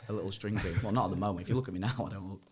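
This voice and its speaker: A man's voice: deep voice, very fast, a little mellow, husky. A young man, a podcast guest who tells his fight stories in rambling casual chat, laughing and swearing often.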